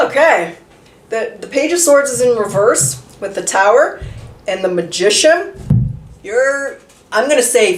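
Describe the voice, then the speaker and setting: A woman's voice: a little high, expressive, a little slow, slight background noise. Chatty woman reading tarot, roomy echo. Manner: chatty, repeats herself, asks rhetorical questions, swears casually. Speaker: tarot reader. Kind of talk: casual tarot reading monologue. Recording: roomy echo, voice a bit far from the mic.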